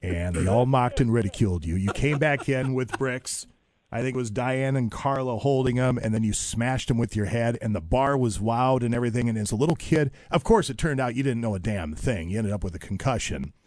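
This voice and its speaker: A man's voice: mid-range voice, a little mellow, dry recording. A man hosting a morning radio show, chatting in a jokey, rambling way from a radio studio. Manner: jokey, rambling, quick asides. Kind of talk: casual radio chat.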